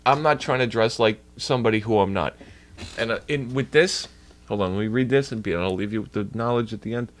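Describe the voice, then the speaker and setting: A man's voice: on the low side, brisk. A man livestreaming and ranting in a heated, profane way to his chat. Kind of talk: casual livestream rant.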